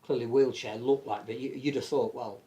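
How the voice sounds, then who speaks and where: An English man with an animated manner, chatting casually as a rugby league podcast pundit and often restarting his sentences. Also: mid-range voice, normal speed. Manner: animated, many restarts and stammered repeats. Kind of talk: casual panel chat.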